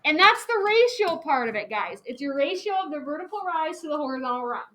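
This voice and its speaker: A woman's voice: sits high, animated, quick pace, a bit bright. A woman teaching a class, chatty and casual, filling her talk with "like" and "okay". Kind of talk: classroom lecture. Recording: echoey classroom, faint noise.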